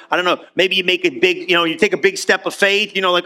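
Guy pastor chatting through a sermon, high bright voice, does little voices for quotes. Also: fast talker. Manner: conversational, animated, acts out quotes in voices.

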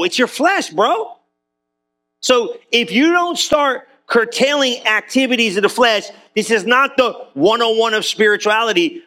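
A man delivers a lively sermon in a church, talking to the congregation like friends. His voice sits high and sounds bright and forceful. He keeps the energy up with quick conversational asides. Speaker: pastor.

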